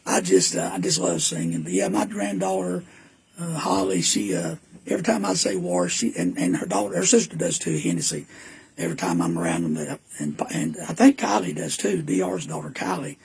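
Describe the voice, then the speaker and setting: Older preacher, gravelly, lively pitch, rambling folksy storyteller at home. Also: male voice, a little fast. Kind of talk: casual reminiscing monologue. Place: indoors at home.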